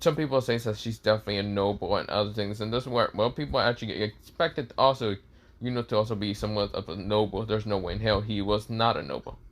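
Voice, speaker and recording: A man's voice: lowish voice, quick pace. A man casually narrating a fan story, rambling with lots of fillers and restarts.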